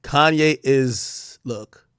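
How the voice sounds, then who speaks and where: A man's voice: mid-range voice, drawn-out words, a bit bright, clear, resonant tone, no room sound, studio quality. A man hosting his own livestream, chatting casually and telling a rambling, profane story to his chat, often laughing. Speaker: livestream host.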